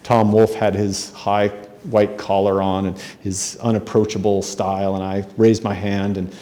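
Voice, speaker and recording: A middle-aged author from Spokane giving a conference talk, telling self-deprecating stories in a conversational way with frequent ums and restarts. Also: male voice, on the low side, little pitch movement, a little slow, warm tone. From Spokane, Washington, USA. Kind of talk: anecdotal storytelling speech. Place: hotel conference room.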